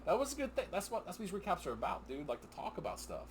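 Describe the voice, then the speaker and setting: A man's voice: high voice, rapid-fire, slight background noise. A middle-aged man co-hosting a wrestling recap with his son, chatting casually, rambling and getting sidetracked. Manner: excitable, rambling, often sidetracked and laughing. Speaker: co-host of a father-and-son wrestling recap show. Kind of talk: casual chat.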